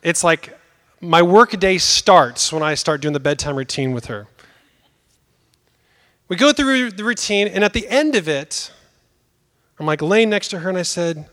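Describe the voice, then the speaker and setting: A young man with a high-pitched voice delivers a sermon. He talks conversationally, then leans hard on key words and lets pauses hang for effect. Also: big pitch swings, fairly bright tone. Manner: conversational, emphatic preaching with dramatic pauses. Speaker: preacher.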